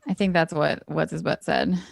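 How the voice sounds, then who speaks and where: Low-voiced sarcastic woman player. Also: steady tone, moderate pace, creaky, no room sound. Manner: dry, sarcastic remarks. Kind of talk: casual tabletop play.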